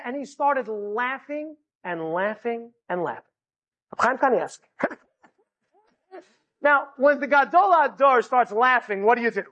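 Brief: an animated male storyteller, humorous, speaking to a live audience. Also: extremely high pitch, normal speed. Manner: animated, humorous, often laughing, voices the people in the story. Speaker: inspirational speaker.

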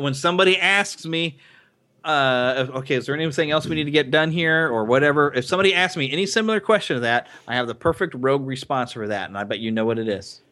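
A man's voice: a little high, a bit bright. Laughing man chatting on a podcast. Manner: laughs often, playful, reenacts quotes. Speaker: podcast co-host. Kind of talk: casual chat.

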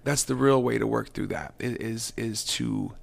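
A man talking as a guest on a casual show, reflective and halting, often restarting his sentences. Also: medium pitch, animated, gravelly. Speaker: musician guest. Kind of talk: casual conversation.

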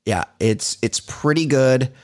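A middle-aged man co-hosting a comedy podcast in casual chat, acting out little exchanges with big swings in his voice. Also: takes it slowly. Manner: animated, acts out exchanges with big pitch jumps. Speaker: podcast co-host.

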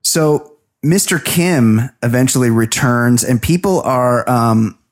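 A man's voice: mid-range voice, slow pace. A man co-hosting a comedy podcast, recapping a film in a loose, rambling way and acting out the characters' lines. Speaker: podcast co-host. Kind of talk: casual comedic movie recap.

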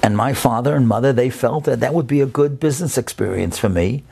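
Male storyteller, deep gravelly rasp, expressive with hushed asides. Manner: expressive, slow build with whispered moments. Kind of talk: told personal-style story.

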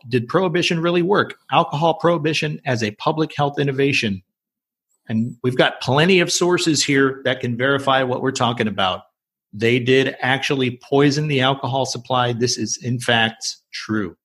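A man's voice: mid-range voice, moderate pace, a bit bright, breathy edge. A man hosting a podcast, talking casually with wry jokes and reading out sources. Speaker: podcast host.

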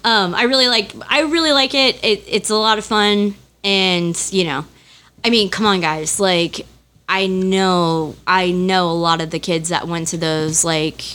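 A woman's voice: fairly low pitch, steady tone, a little slow, fairly bright tone. A woman in her thirties co-hosting a podcast, chatting casually and animatedly, laughing and swearing freely. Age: 30s. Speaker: podcast co-host. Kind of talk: casual chat.

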